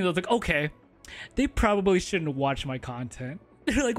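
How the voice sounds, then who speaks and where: A man telling a funny work story, then reacting loudly to a fighting game, laughing and swearing freely. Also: high voice, sing-song, normal speed. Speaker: gaming YouTuber. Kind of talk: storytelling and live gameplay commentary.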